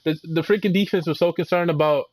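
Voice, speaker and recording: A man's voice: fairly high pitch, steady tone, quick pace, a little mellow. A young man giving a heated, rambling and profane recap of a football game. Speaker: sports fan video creator.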